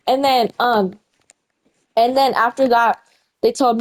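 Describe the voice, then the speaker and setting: A woman's voice: a little high, slow, slight background noise, poor audio. A young woman chatting casually while gaming, rambling through a story and often correcting herself and losing her place. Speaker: gamer retelling a story.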